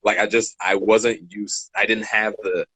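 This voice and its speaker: A man in his twenties co-hosting a podcast, telling stories in a casual, animated way and acting out the dialogue. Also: fairly low pitch, a little slow, breathy edge, dry recording, low-quality recording. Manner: animated, acts out dialogue, laughs between lines. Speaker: podcast co-host. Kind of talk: casual storytelling chat.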